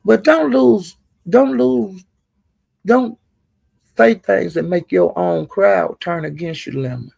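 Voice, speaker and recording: A man's voice: sits high, takes it slowly, creaky, a little mellow, no echo. A man giving casual, profane gossip commentary on online live streams and scolding the people involved directly. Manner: talks straight to the people discussed.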